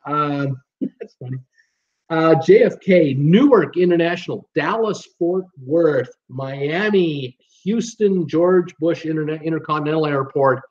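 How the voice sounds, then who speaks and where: A Canadian man hosting a live cruise channel chats casually, rambling with many "uh"s and restarts. His pitch is fairly high but his tone darkish, and the recording is muffled.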